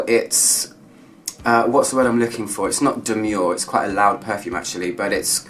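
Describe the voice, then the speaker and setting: A man's voice: on the low side, moderate pace, fairly bright tone, far from the mic, faint music behind. A man reviewing perfumes in a casual, enthusiastic chat, drawing out his descriptive words. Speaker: fragrance reviewer.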